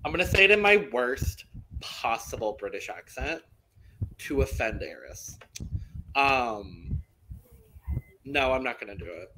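A man's voice: medium pitch, very animated, a little slow, long pauses, pushed and bright, slight background noise, poor audio. A man hosting a casual podcast chat, steering topics in a playful, blunt way. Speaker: podcast host.

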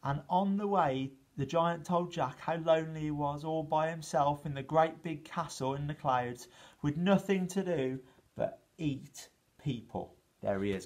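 A male teacher with an English accent reading a children's story aloud, with gentle asides to his listeners. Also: fairly high pitch. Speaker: primary school teacher.

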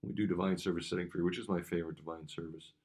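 A man's voice: sits low, fairly even intonation, racing, darkish tone, husky. A man with a Midwestern American accent, a pastor giving a devotional teaching talk, blunt and conversational with frequent restarts.

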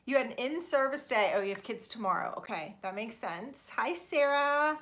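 This Florida livestream host has a high-pitched, expressive voice that's pushed and bright, moving at normal speed with few pauses. She chats casually, greets viewers by name, and laughs often, apologizing self-deprecatingly when she mispronounces names.

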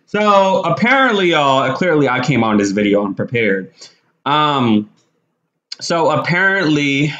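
Slangy animated man ranting casually. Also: medium pitch, a little slow, lo-fi sound. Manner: animated, slangy, frequent fillers and restarts. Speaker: commentary vlogger. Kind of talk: casual commentary.

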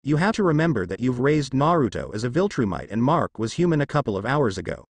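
A man's voice: mid-range voice, very animated, fast talker, slightly rough, dry recording. A man reading a fan story, voicing a protective, concerned human mother who speaks in an earnest, reproachful way.

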